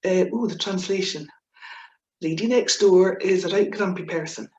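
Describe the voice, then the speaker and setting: A woman's voice: fairly low pitch, moderate pace, darkish tone, echoey room, dull audio. A Scottish woman from Inverness, a writer giving a chatty, playful webinar talk with Scots words dropped in. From Scotland, Inverness. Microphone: video call.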